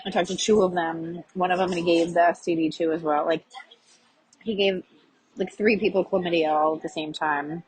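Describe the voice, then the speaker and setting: Very husky low-voiced woman, confessional. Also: steady tone, moderate pace, rough recording. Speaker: podcast host. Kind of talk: confessional monologue.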